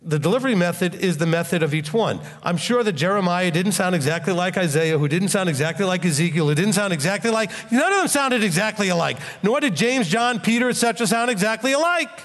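Lively preaching man with hall reverb. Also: high-pitched, fast talker, few pauses. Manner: animated, blunt preaching with acted quotes. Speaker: pastor. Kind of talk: sermon and closing prayer.

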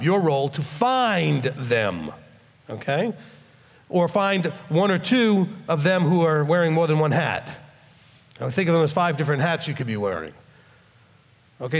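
A man preaching a sermon in a blunt, animated way and leading a closing prayer. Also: a little high, in a large hall. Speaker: pastor.

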